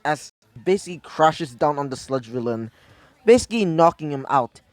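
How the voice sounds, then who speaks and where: A man improvises a fan story, rambling and restarting with many fillers. His pitch is fairly high and swings about. Dry, close recording. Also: lively intonation, normal speed, no room sound.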